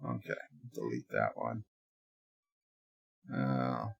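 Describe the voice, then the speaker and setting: A man hosting a casual livestream, rambling through deadpan joke answers to viewer messages in a put-on mock accent. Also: a little high, unhurried, no room sound, clean studio sound. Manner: rambling, jokey deadpan nonsense. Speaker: livestream host.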